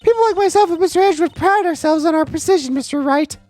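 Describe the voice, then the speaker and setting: A man voicing a bubbly young female assistant in a sing-song, teasing falsetto. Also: quick pace, a little mellow.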